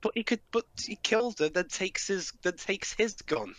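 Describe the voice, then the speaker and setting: A man's voice: high-pitched, very animated, normal speed, fairly bright tone. A man joking and laughing through a casual movie commentary with friends. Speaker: commentary group member.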